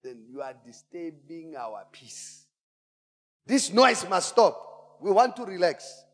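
A man preaching, voicing a grumpy male elephant in a fable with a slow, stern manner. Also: high voice, very animated, fairly bright tone, exaggerated voice. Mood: irritated. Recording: church hall reverb.

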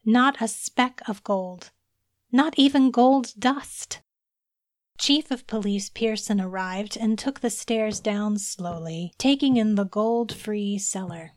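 Slow, clear woman narrating a story. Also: mid-range voice, no echo, clean studio sound. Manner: slow, even, clear reading.

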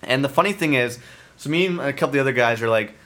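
A man casually telling a story on a podcast, animated and swearing freely, acting out the quotes. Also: medium pitch, very fast.

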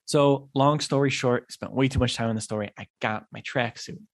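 A man's voice: medium pitch, steady tone, normal speed. A young man, hosting a podcast and telling a story on his own, casually, acting out the quotes and swearing when annoyed. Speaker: podcast host.

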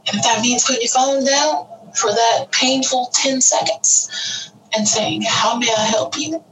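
A woman's voice: fairly high pitch, measured pace, a bit bright, distant mic, slight background noise, poor audio. A woman talking earnestly and with feeling about parenting teenagers, acting out little quoted voices as she goes. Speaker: parent sharing advice. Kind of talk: casual heartfelt talk.

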